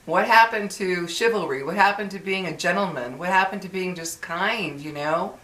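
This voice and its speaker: A woman's voice: lowish voice, normal speed, a bit bright. Exasperated woman vlogger, echoey room. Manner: chatty, exasperated, many fillers and restarts. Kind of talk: casual venting monologue.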